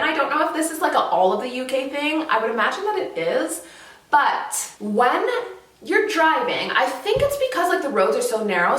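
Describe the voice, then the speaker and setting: A woman from Canada chatting casually to camera as a vlogger, animated and laughing often. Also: fairly high pitch, distant mic. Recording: roomy echo, slightly off mic.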